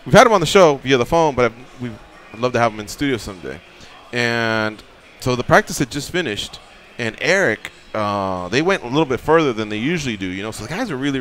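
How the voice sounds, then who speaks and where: Chatting casually in a radio studio, this co-host tells a meandering story, cursing and performing the lines of the people involved with lots of energy. His voice is medium in pitch, and a slight hiss or hum sits under it.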